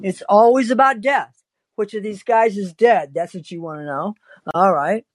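A woman's voice: mid-range voice, normal speed, no room sound. A woman podcast host telling a story and chatting in a wry, self-interrupting way. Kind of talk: storytelling and call-in chat.

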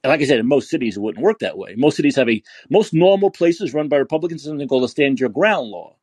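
A man's voice: mid-range voice, big pitch swings, quick pace, darkish tone, breathy edge, no echo. A man from New York hosting a call-in podcast, ranting and profane, often repeating himself as he restarts sentences. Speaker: podcast host. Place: San Francisco.

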